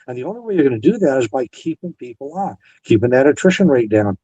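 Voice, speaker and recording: A man's voice: mid-range voice, very animated, fast talker, mellow, breathy edge, dry recording, dull audio. A Navy veteran man in an interview, earnestly retelling past conversations and quoting both sides. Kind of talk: storytelling interview.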